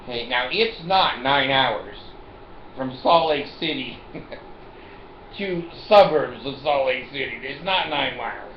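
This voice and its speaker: A man's voice: medium pitch, expressive, takes it slowly, slight background noise. Old guy rambling and cracking jokes from his chair, laughs a lot, roomy dull-sounding home recording. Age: older. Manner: rambling, joking, laughs often. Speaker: vlogger. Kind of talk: casual monologue to camera.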